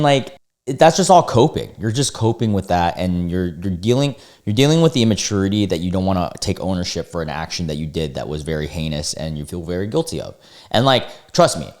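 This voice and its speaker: Male reaction host, deeper voice, very lively delivery, casual and profane, reacts in disbelief. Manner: animated, swears freely, exclaims in disbelief. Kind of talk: casual commentary reading forum posts.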